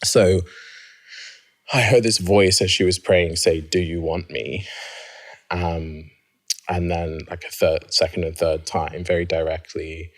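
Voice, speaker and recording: As the interviewee recounts his story, he stays reflective yet laughs readily, rising to a high pitch in his more excited moments.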